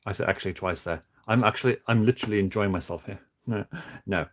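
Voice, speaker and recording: A man streaming casually while building toys, talking in a flat, monotone way with many halting restarts. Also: on the low side, slight background noise. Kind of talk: casual livestream chat.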